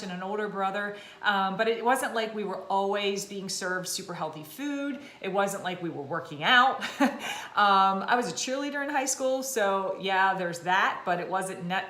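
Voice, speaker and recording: Woman, 40s, fitness vlogger; chatty, self-mocking, slightly hoarse; echoey room. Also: medium pitch, sharp tone. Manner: chatty, self-deprecating, laughs often. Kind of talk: casual chat to camera.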